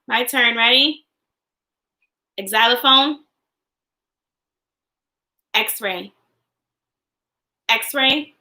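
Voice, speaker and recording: A young woman teaching a young class online, singing and chanting phonics in a cheerful sing-song voice with drawn-out words. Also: fairly high pitch, vocal fry, bright, forceful tone, rough recording. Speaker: kindergarten teacher.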